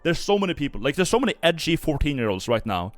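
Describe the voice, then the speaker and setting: A man's voice: a little high, very animated, quick pace, no echo, soft background music. A young Norwegian man giving casual stream commentary, rambling with many fillers and restarts. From Norway.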